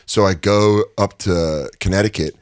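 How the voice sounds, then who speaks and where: A lively male comedian in a studio interview, spinning stories and laughing as he goes. His voice sits a little low and comes across dry and close, with no room sound around it. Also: moderate pace, no echo. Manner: animated, laughing storyteller. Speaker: stand-up comedian and guest. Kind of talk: casual storytelling interview. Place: recording studio.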